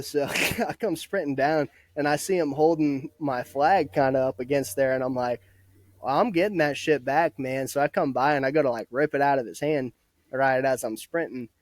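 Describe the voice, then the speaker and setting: A man's voice: on the high side, darkish tone, dry recording. Young man, podcast guest, casual storyteller, laughs a lot and swears; dry close recording. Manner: laughs often, swears freely. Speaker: podcast guest, former soldier.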